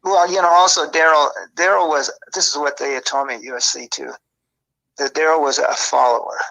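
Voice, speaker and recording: A man's voice: on the high side, steady tone, brisk, creaky, pushed and bright, low-quality recording. A man being interviewed, recalling his scouting days in a rambling, self-correcting way. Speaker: former football scout and guest. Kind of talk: interview reminiscing.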